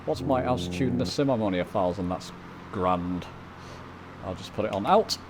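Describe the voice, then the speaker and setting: A man's voice: on the low side, expressive, moderate pace, noisy background. A man from the UK casually commenting on his flight simulator as he flies, chatting to viewers as he goes. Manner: chatty, talks to viewers while flying. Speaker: flight sim video host. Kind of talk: casual commentary over gameplay.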